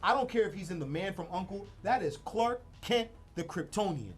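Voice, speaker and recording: Animated, opinionated man chatting casually. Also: high-pitched, fast talker, soft background music. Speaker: podcast co-host. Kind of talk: casual pop-culture chat.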